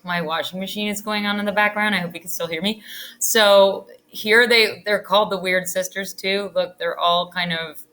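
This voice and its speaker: Bright-voiced chatty woman teacher. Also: medium pitch, fairly even intonation, normal speed. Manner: chatty, with frequent ums and restarts. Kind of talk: casual online literature lesson. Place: home.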